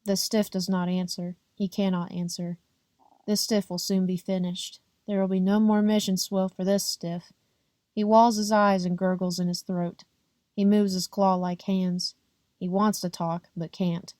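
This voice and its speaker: A woman narrating a first-person audiobook in a plain, measured, unhurried reading. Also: on the low side, little pitch movement, a little mellow, no echo, clean studio sound. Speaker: audiobook reader.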